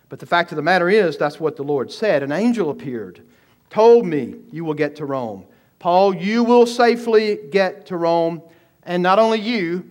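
A man preaching an expository sermon, emphatic and full of rhetorical questions, slowing down and speeding up. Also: high voice. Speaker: pastor.

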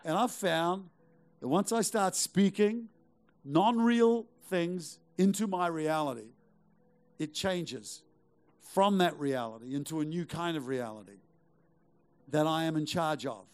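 Speaking slowly in a slightly high voice, a middle-aged male pastor gives an emphatic sermon. He urges the congregation on through rhetorical questions and repetition.

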